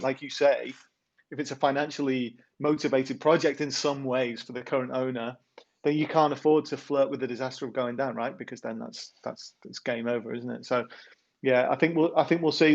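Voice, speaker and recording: A man's voice: medium pitch, highs cut off. A man co-hosting a football podcast, chatting casually with lots of tag questions, then reading out a comic rhyming poem. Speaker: podcast co-host and poet.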